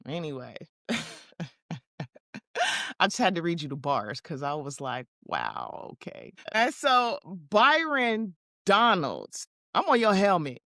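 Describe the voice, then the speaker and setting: A woman hosting a commentary show, talking in animated, slangy, mocking as she reacts to clips. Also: fairly low pitch, takes it slowly, no echo, studio quality. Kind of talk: casual commentary on news clips.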